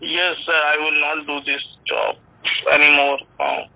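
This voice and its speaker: A man working as a phone scammer, talking haltingly and pleadingly and saying "sir" again and again. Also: on the high side, level tone, creaky, no echo. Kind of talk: phone argument turning into apology. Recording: tinny dry phone line.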